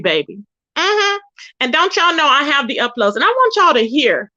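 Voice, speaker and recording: Sassy woman gossip host, high bright voice, dull lo-fi sound. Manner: sassy, emphatic, mimics others in a raised voice. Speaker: YouTube commentary host. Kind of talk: casual gossip commentary livestream.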